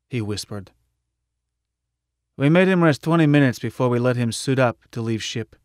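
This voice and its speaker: A man reading a science-fiction audiobook in the first person in a steady, matter-of-fact way. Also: mid-range voice, no room sound, clean studio sound. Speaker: audiobook narrator.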